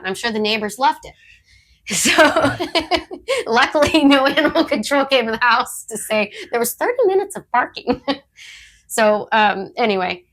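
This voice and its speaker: A woman's voice: fairly high pitch, a bit bright. A woman co-hosting a podcast, chatting casually and telling training stories with frequent laughs. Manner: chatty storyteller who laughs often; acts out her dog's thoughts in quotes. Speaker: podcast co-host, disc dog trainer.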